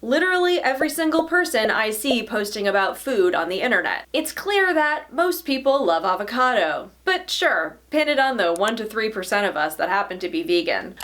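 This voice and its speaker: A woman hosting a vegan vlog, talking in an animated, sarcastic way and laughing often. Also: medium pitch, normal speed, few pauses. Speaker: vegan YouTube host. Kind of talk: casual vlog commentary.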